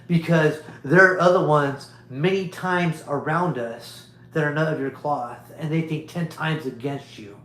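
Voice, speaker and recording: A man's voice: a little high, measured pace, few pauses, a bit bright, reverberant, a little hiss or hum, poor audio. A man hosting a livestream, delivering a rambling, preachy monologue to his viewers and repeating his points emphatically. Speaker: livestream host.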